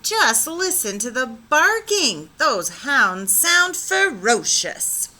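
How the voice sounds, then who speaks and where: A woman's voice: sits high, very animated, sharp tone, voice pushed up, full character voice. A woman voicing a fussy, bossy mother cat who speaks emphatically in a storybook reading. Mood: emphatic. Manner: emphatic, drawn-out.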